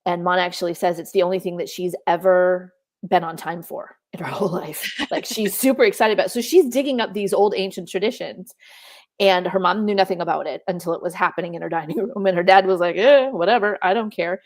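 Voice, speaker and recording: A middle-aged woman co-hosting a casual podcast chat, lively, often acting out quotes in playful voices. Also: fairly low pitch, fast talker. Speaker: podcast co-host.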